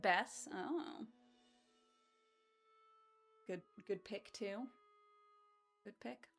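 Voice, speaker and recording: Soft background music plays as a woman with a mid-range, vocal-fry voice talks extremely slowly while hosting a charity speedrun stream. She keeps the casual conversation bubbly and playful, giggling frequently.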